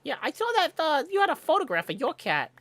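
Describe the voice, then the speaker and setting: A woman's voice: high-pitched, sing-song, fast talker, a bit bright, no echo. A woman hosting a casual livestream chat, joking and reading out viewer tips. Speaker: stream host.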